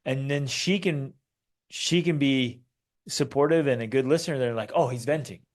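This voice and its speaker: A man's voice: medium pitch, moderate pace. A middle-aged man co-hosting a family podcast, teaching in a casual way and acting out quotes in raised voices. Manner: animated storytelling, acts out quotes in raised voices. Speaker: podcast co-host.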